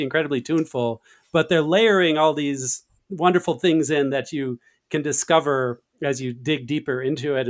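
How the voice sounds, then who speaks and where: A man discussing music casually as a podcast guest, enthusiastic and fluent. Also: on the high side.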